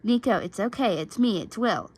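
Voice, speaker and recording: A woman reading aloud the lines of a gentle teenage boy comforting his boyfriend, in a soft, soothing, pleading way. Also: mid-range voice, lively intonation, normal speed, husky.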